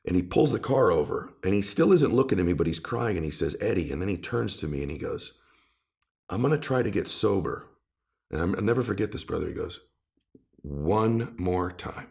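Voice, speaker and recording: A man's voice: low-pitched, expressive, quick pace, gravelly, hardly any pauses, darkish tone. A middle-aged man talking in an interview, passionate, building emphasis through repeated phrases. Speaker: podcast guest and author. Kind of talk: conversational interview.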